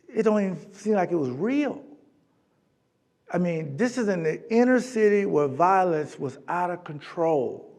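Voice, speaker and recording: A middle-aged man from Florida, a keynote speaker telling a comic story to a live audience and acting out voices as he goes. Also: a little high. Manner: animated, comic, acts out voices in his anecdotes. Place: large event hall.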